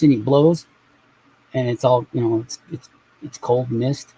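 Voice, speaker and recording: A man's voice: medium pitch, fairly even intonation, normal speed, warm tone, husky, rough recording. A man chatting casually on a live stream, rambling and swearing offhand as he reacts to things.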